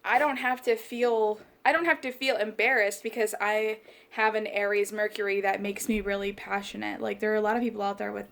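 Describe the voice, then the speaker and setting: A woman in her late twenties hosting a podcast. She talks in a rambling, passionate, casual way, with lots of "like" fillers and quick bursts. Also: mid-range voice, level tone, vocal fry, a bit bright. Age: late 20s. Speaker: podcast host. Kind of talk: casual life chat.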